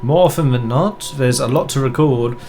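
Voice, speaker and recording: A man's voice: medium pitch, normal speed, darkish tone, faint music behind, natural voice. Man doing a French debunker. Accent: put-on French. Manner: formal, sprinkles French words. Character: fussy French male debunker of mystics.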